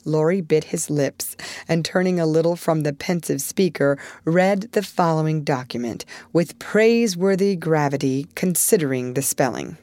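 A woman narrating a classic novel aloud in a steady, clear reading voice. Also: low voice, moderate pace, no echo. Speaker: audiobook reader. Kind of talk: scripted narration.

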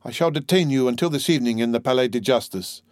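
A man doing a stern magistrate in an audiobook, measured and formal. The voice sits in a middle range and keeps a stiff, controlled manner. It is read close and dry, with no room around it. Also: mid-range voice, dry recording, close to an everyday voice. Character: anxious stern male magistrate. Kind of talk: audiobook character voice.

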